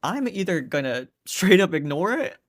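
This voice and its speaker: A man's voice: high voice, sing-song. Man, casual commentary host, opinionated, chatty. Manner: opinionated, conversational, quick asides.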